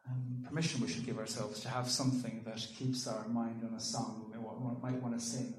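A man's voice: medium pitch, little pitch movement. Reflective man speaking in a roomy hall. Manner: thoughtful, halting with ums and restarts. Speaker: speaker giving a talk. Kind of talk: reflective public talk with poetry reading. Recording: roomy echo.

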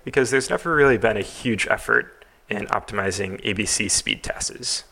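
A man's voice: lowish voice, normal speed, vocal fry, sharp tone. A man as a podcast guest, talking in a thoughtful, hedging way with many fillers. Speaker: podcast guest, TAS creator. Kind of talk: casual podcast interview.

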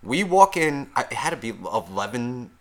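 A man co-hosting a podcast, telling stories in an animated way and swearing constantly. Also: medium pitch, normal speed. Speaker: podcast co-host. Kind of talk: casual chat.

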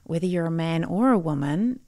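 Woman coach from Australia, middle-aged, low voice, husky fry, reflective solo podcast. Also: lively intonation, a little fast, mellow. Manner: thoughtful, earnest, with occasional laughs.

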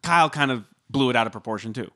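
A man's voice: mid-range voice, lively intonation, fast, a bit bright. A man co-hosting a podcast, recapping a reality show in casual chat and hedging with likes and ums. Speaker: podcast co-host.

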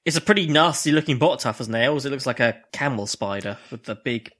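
Man, co-host, casual and amused, mid-pitched, reads facts. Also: expressive, a little fast, fairly bright tone. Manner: laughs often, reads out robot facts. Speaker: podcast co-host. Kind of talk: casual chat about robot combat.

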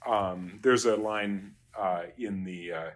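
A man working through Latin translation exercises as a teacher, halting and trailing off quietly. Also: sits low. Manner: halting, many fillers and restarts, trails off quietly.

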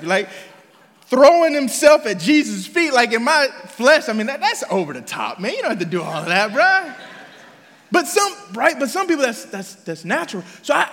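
A man preaches with a very high, bright voice that keeps swinging up and down in pitch. He talks casually, tossing out "right?" and slang while quizzing the congregation with rhetorical questions. His words trail off into the long reverb of a church hall. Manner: slangy, drops in "bruh" and "right?". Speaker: pastor. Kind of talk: conversational sermon.

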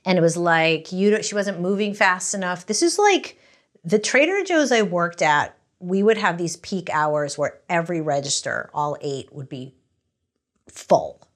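Being interviewed about her memoir, this middle-aged woman from the US East Coast shares frank stories in a lowish voice, talking a little slowly. She's animated and meandering, with lots of false starts.

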